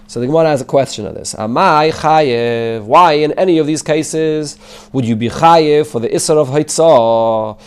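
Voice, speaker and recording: A man's voice: a little high, moderate pace, clear, resonant tone. A man, a rabbi, teaching a Talmud class, translating the text line by line and explaining it in English mixed with Hebrew and Yiddish terms. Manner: answers students' questions.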